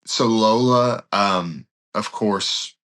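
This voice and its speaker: A man's voice: lowish voice, extremely slow. A male pastor guest on a podcast, telling anecdotes and acting out the dialogue of the people in them. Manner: animated anecdote-telling, acts out quoted dialogue. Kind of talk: storytelling in a podcast interview.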